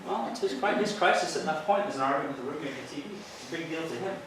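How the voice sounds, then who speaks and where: A man's voice: fairly high pitch, expressive, very fast, noisy background. Cop guy giving a training talk, earnest, explains things with stories, far from the mic in a really echoey hall. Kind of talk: presentation to an audience.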